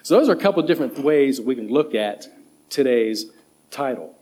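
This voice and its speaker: Animated pastor preaching, emphatic man. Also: brisk, husky. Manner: emphatic, stresses single words with rising pitch. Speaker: associate pastor and children's director. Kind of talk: sermon.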